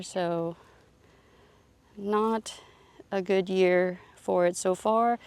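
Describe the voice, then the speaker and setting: Woman strolling her garden on a phone cam, talks slow and easy, lowish voice. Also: darkish tone, clean tone, no room sound. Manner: slow, chatty, thinking aloud with fillers. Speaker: gardening vlogger. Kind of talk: casual garden tour narration. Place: outdoor garden.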